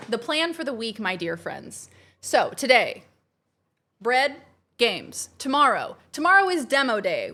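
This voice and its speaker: A woman's voice: medium pitch, fairly bright tone. A woman streamer chatting casually and bubbly with her live chat from home while planning her week. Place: home, kitchen.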